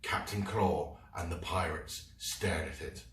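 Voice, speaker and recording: A man reading a children's book aloud in an expressive storytelling voice. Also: low voice. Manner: expressive, slow read-aloud. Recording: roomy room, mic at a distance.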